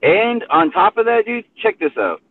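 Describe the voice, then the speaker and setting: A man with a high-pitched, wildly swooping voice hosts a casual chat from his car between rideshare pickups, speaking at normal speed. He's laid-back and rambling, says "dude" a lot, and the audio sounds like a tinny phone line.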